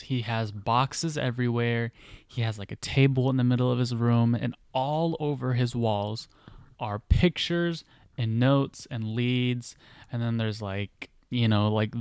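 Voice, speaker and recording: Slow-talking man retelling a story. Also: mid-range voice, clear, resonant tone, no room sound. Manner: rambling, many fillers and restarts. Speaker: podcast host.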